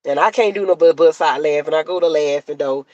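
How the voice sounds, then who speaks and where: A woman's voice: deep voice, fairly quick, a little mellow, dry recording, highs cut off. A middle-aged woman chatting casually to her live-stream viewers, repeating herself and laughing easily. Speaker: live-stream content creator.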